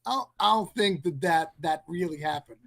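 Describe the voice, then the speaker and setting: A man's voice: a little high, brisk, gravelly. Teasing man from New Hampshire. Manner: teasing, deadpan sarcasm. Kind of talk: casual chat.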